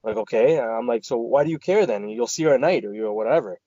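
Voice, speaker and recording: A man talking quickly in a loose, rambling way, swearing often as he tells a story and acts out what his friends said. The sound is dry and a little dull. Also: medium pitch, lively intonation, dark tone, dry recording. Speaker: podcast co-host. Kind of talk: casual storytelling chat.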